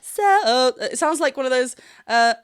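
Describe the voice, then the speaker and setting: A woman vocal coach reacts to a song with bubbly excitement. Her fairly high voice runs animated and quick to laugh. She breaks into short sung snippets to show what she means. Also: smooth, soft background music. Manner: animated, laughs often, sings snippets to demonstrate.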